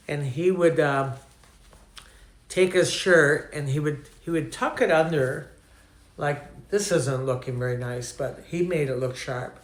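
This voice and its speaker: A man's voice: on the high side, echoey room. An older man from Canada preaching a teaching sermon, telling anecdotes in a conversational way and asking his listeners questions. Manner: storytelling, conversational, asks the audience questions.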